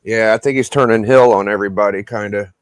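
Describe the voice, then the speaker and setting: A man's voice: fairly low pitch, steady tone, quick pace, smooth, no echo. Laid-back man hosting a stream. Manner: laid-back, swears casually. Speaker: streamer host. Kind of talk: casual stream chat.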